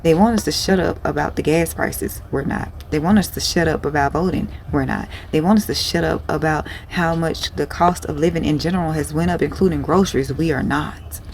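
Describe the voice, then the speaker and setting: A woman's voice: deep voice, fairly quick, few pauses, darkish tone, slight background noise. A woman who sells clothes online, talking in a casual vlog in a rambling, blunt, profane way. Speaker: small online clothing seller.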